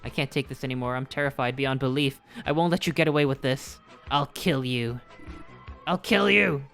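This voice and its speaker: A man's voice: medium pitch, moderate pace, vocal fry, clean tone, faint music behind. A man reading aloud as an arrogant evil knight who was once a childhood doll, in a melodramatic villain delivery. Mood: panicked. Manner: melodramatic villain reading, swings to panicked shouting. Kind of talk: reading game dialogue aloud.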